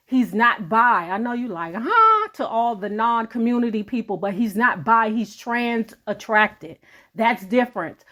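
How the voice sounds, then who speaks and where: A woman, reading a book aloud on her channel and breaking off for casual, chatty commentary. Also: on the high side. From United States.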